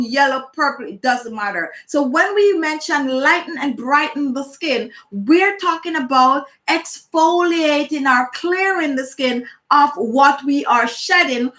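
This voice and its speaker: A woman's voice: high-pitched, sharp tone, roomy sound. A woman from Jamaica with a Jamaican accent, hosting a beauty channel and chatting live with viewers in a playful, emphatic way. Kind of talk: live chat answering viewers.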